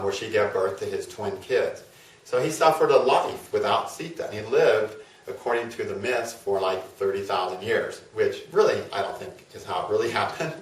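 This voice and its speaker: A man, an astrologer, retelling a myth in a chatty, casual lecture full of fillers and tag questions. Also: fairly low pitch. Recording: roomy, from a distance.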